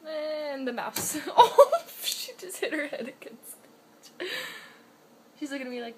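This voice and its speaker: A woman's voice: high voice, expressive, unhurried, pauses often, a little hiss or hum. A young woman at home filming her kitten, chatting casually and laughing often. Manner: giggly, amused, laughs often. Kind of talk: casual home video commentary.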